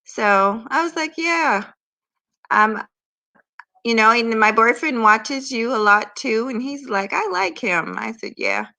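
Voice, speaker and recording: A woman's voice: on the high side, unhurried, bright, forceful tone, low-quality recording. A woman chatting casually as a guest from her bed, drowsy from medication and hesitant, stammering as she talks. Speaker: guest on a live stream. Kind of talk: casual chat. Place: in bed at home.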